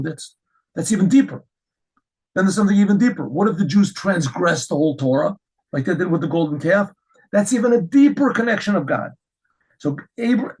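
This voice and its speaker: A middle-aged man teaching a Torah lesson as a rabbi, telling stories with lively restarts and repeated words. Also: fairly high pitch, breathy edge, rough recording. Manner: animated storytelling with frequent restarts.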